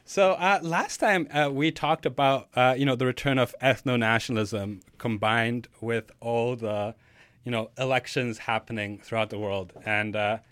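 Rambling, relaxed man podcast co-host. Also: medium pitch, normal speed, smooth. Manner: relaxed, rambling with many fillers. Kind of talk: casual conversational chat.

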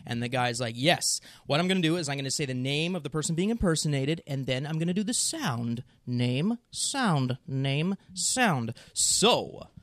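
A young man telling a comedy setup from a recorded bit, in a deadpan way as he voices each character in turn. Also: fairly high pitch, moderate pace, few pauses, dry recording.

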